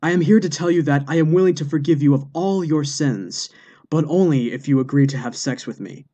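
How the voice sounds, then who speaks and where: A man's voice: medium pitch, moderate pace, a little mellow, lightly acted. A man voicing a lustful man who poses as God in a joke, speaking in a grand, commanding way.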